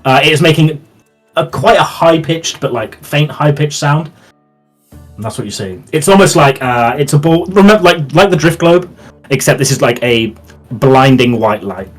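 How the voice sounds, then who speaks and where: A man's voice: fairly high pitch, normal speed, faint music behind. Man narrating as game master. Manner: relaxed, rambling description with fillers.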